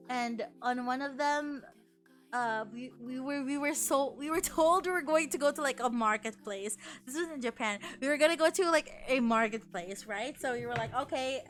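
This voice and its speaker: Bubbly filipina streamer girl, high bright voice, yapping nonstop with chat, cusses a lot, faint music behind. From Philippines. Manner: chatty and animated, swears casually, laughs often. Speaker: VTuber streamer. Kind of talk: casual stream chat, reading chat.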